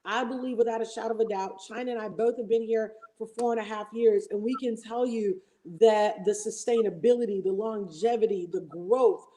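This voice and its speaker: A woman's voice: on the high side, steady tone, fairly quick, hardly any pauses, warm tone, slight background noise, rough recording. A woman guest on a casual livestream, talking enthusiastically and at length in a preacherly way. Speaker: guest co-host.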